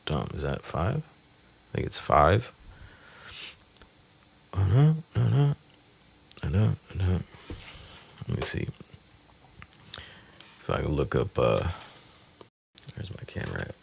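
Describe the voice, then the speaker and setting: A man's voice: rumbling low, huge pitch swings, slow, creaky, pauses often, husky. A man talking casually to himself while writing a song, trying out lines and sometimes singing them. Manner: thinks aloud, sings lines over a beat. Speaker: music producer.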